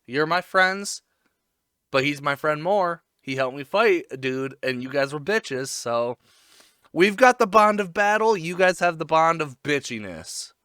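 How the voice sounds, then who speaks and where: Dude putting on a tough streetwise dog, barky and crude, loud bright voice. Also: male voice, a little high, animated, unhurried, clean tone, no room sound, clean studio sound. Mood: defiant. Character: gruff loyal male dog, tough and protective.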